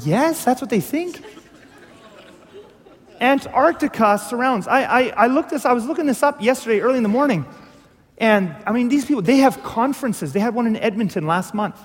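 A male pastor preaching a sermon, animated and full of rhetorical questions, acting out little dialogues. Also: very high voice, moderate pace, slightly rough. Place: church hall. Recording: long hall reverb.

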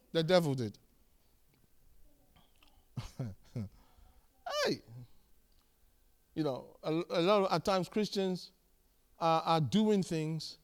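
Male preacher with a high voice, animated and emphatic, acts out conversations from the pulpit. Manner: animated storytelling, acting out dialogue; emphatic, repeats key phrases. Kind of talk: sermon.

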